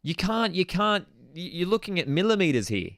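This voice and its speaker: A man's voice: sits high, big pitch swings, fairly quick, fairly bright tone, no echo, studio quality. A young man hosting a live football watchalong, ranting in exasperation and casual slang while reading out chat messages. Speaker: host of a football watchalong stream.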